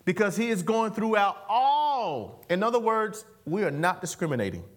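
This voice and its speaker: A man's high-pitched preaching voice that swings widely up and down. He delivers a sermon in a playful, animated way, throwing questions at the congregation and waiting for their amens. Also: normal speed. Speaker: pastor. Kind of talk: sermon with call and response.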